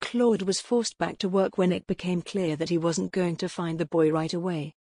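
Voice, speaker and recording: Woman narrator, husky lower voice, steady audiobook read, dry close sound. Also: normal speed, no echo. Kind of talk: scripted romance audiobook narration.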